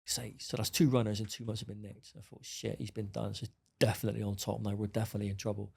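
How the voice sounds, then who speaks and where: A middle-aged man tells his story at a rapid clip. His voice has a gravelly edge, and he speaks bluntly with plenty of swearing. He acts out the back-and-forth of conversations as he goes. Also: on the low side, little pitch movement, a little mellow. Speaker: podcast guest. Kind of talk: storytelling interview.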